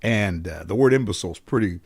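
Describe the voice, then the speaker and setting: A man's voice: fairly low pitch, expressive, quick pace, slightly rough. A middle-aged man from the Los Angeles area telling childhood stories in a casual interview, acting out his relatives' voices and swearing freely. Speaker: interview guest, comedian.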